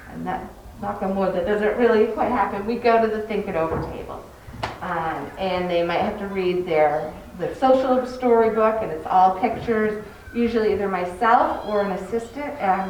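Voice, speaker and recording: A woman's voice: medium pitch, far from the mic. A woman, a kindergarten teacher, explains her classroom to parents in a chatty, informal way with many fillers. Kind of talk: informal info-meeting talk to parents. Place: large classroom, indoors. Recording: very echoey room, voice from afar, faint noise.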